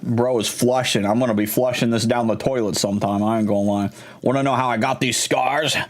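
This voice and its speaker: A young man streaming casually while eating spicy food, excitable and slangy, his mouth burning. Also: mid-range voice, a little fast.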